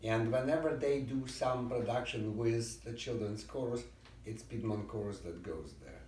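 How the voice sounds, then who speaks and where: Male violin teacher, mid-pitched, barks corrections and hums rhythms; distant roomy recording with violin under him. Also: normal speed, darkish tone, slight background noise. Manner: sings rhythms and calls out commands over playing. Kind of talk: private music lesson coaching.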